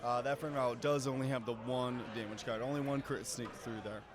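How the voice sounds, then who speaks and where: A man's voice: mid-range voice, steady tone, brisk. Man, medium voice, live game co-commentary, analytical, busy crowd noise behind.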